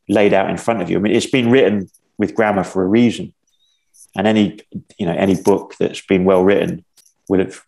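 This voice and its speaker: A man's voice: deep voice, a little mellow. A man talking as a podcast guest in casual conversation, hesitant and full of fillers. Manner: hesitant, many fillers and restarts.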